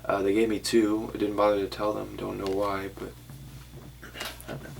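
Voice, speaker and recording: A man's voice: fairly low pitch, completely flat delivery, normal speed, gravelly, background noise. A young man vlogging casually to camera, rambling a little and correcting himself as he shows off his haul. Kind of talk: casual vlog talk to camera.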